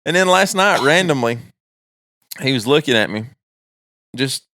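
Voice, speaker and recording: A man's voice: medium pitch, lively intonation, unhurried, pushed and bright, no echo, studio quality. A young adult man co-hosting a podcast, telling stories about his three-year-old son in casual chat and laughing at his own anecdotes. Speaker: podcast co-host.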